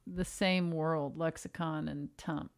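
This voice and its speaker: A middle-aged woman co-hosting a casual podcast with a dry, deadpan humor. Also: sits low, slow, vocal fry. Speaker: podcast co-host.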